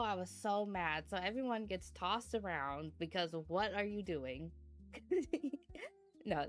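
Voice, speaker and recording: A young adult woman streamer chatting casually about a sleepless night, laughing often and breaking into bursts of mock outrage, sleepy and yawning. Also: lowish voice. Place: indoors at home.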